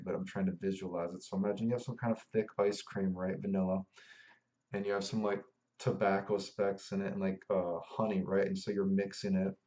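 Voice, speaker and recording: A man's voice: low-pitched, warm tone, lo-fi sound. A man giving a laid-back, rambling spoken review of fragrances, describing them in loose detail.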